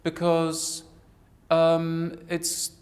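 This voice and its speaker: A woman's voice: deep voice, completely flat delivery, very slow, a little mellow. Woman in her 40s, interview, earnest and reflective, lots of little restarts. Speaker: interviewee, actress. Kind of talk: personal interview storytelling.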